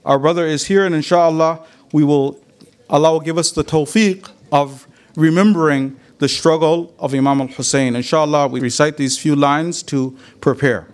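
A man giving a religious talk, retelling a story with lively quoted dialogue and Arabic religious phrases. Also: a little high, moderate pace. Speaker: religious lecturer. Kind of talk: sermon with storytelling.

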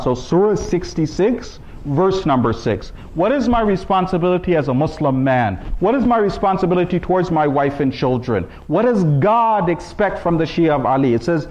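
A man preaching a sermon to a congregation, emphatic, reciting scripture in Arabic and climbing to high exclaiming peaks. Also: a little mellow, highs cut off. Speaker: speaker at a religious gathering.

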